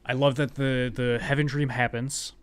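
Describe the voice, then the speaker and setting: A man's voice: mid-range voice, flat delivery, moderate pace, slight background noise. A man hosting a podcast, chatting casually and enthusiastically about a movie, acting out scenes as he goes. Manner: enthusiastic, acts out scenes in quoted voices. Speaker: podcast host.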